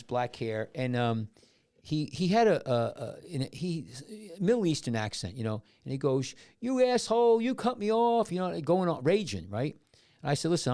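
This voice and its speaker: A man's voice: medium pitch, a little mellow. A middle-aged man hosting a podcast, telling a long story in casual chat with many restarts and asides. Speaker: podcast host.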